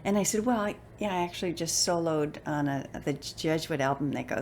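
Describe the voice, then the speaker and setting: Older woman, low-pitched, lively storyteller, slight background hiss. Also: fairly quick, few pauses. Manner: animated, expressive, acts out quoted voices. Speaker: motivational speaker and voice actor. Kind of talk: personal storytelling to camera.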